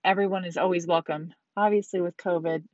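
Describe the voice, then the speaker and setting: A woman hosts a casual self-help podcast with a candid, emphatic manner, dropping the odd swear word. Her voice sits a little low. The recording is dry and slightly dull. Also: fairly even intonation, a little fast, a little mellow, dry recording. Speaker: podcast host.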